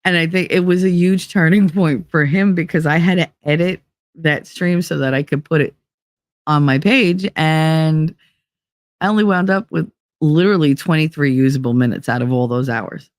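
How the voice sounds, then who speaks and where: A middle-aged woman hosting a podcast, telling a story in casual chat, animated and often laughing as she quotes others. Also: low voice, normal speed, no room sound, clean studio sound. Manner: animated, laughing, quoting others in raised voices. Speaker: podcast host.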